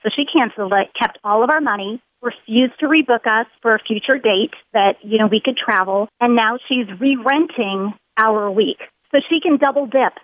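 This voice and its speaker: A woman's voice: on the high side, moderate pace, hardly any pauses, dry recording. Earnest woman caller on a phone line. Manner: earnest and aggrieved, builds emphasis through repetition. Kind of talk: telling her story on a call-in show. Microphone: telephone.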